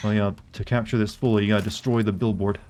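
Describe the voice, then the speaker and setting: A man's voice: on the low side, fairly even intonation, fast talker, a little mellow, a little hiss or hum. A man streaming a game, chatting casually with his viewers and answering their questions, often restarting his sentences. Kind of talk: casual gameplay commentary.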